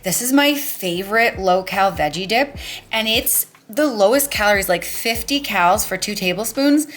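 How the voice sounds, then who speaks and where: Bright, chatty woman vlogger. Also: mid-range voice, lively intonation, normal speed. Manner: chatty, upbeat, enthusiastic. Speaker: vlog host. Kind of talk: casual food vlog chat.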